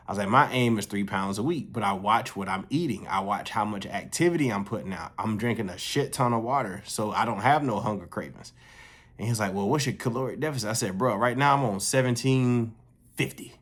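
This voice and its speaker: Animated, profane storytelling man. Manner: animated, profane, jumps his pitch up when quoting others. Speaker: vlogger telling a story. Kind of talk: casual storytelling monologue.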